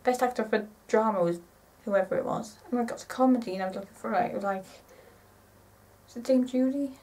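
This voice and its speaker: Excitable woman, far from mic. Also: a little high, quick pace. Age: 20s. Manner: rambling, excitable, self-correcting. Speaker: vlogger. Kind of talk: casual chat to camera.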